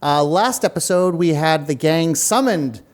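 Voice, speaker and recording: A fairly high-voiced man running a tabletop game who chats casually with his players. He laughs often and keeps things joking. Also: animated, measured pace. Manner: giggly, joking. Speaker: game master. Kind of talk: casual chat, introducing players.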